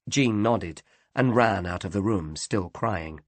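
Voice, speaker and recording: A man reading a mystery novel aloud in a measured, expressive way. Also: lowish voice, no echo. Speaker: audiobook narrator. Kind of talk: scripted narration.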